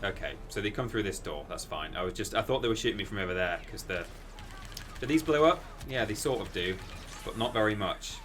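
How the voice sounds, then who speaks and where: A man chatting casually while streaming a video game, rambling and bursting into excited exclamations. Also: on the low side, brisk, a little hiss or hum. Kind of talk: casual gaming stream commentary.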